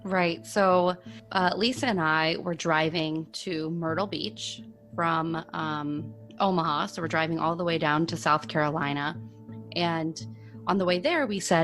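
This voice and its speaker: A woman's voice: sits low, measured pace, a bit bright, faint music behind. A woman co-hosting a podcast, telling a story casually and rambling with lots of "like". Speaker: podcast co-host.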